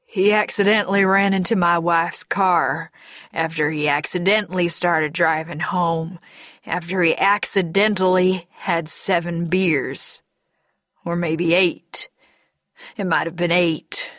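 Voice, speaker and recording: A woman voicing a big, grief-stricken older man who talks in a heavy, halting way. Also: on the low side, fairly even intonation, fairly bright tone, dry recording, studio quality. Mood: bitter.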